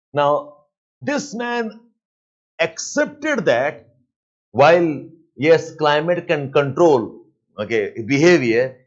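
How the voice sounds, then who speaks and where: A man with an Indian English accent teaching a live online class, dictating points and repeating them slowly, with Hindi asides mixed in. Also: on the high side, lo-fi sound. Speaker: lecturer.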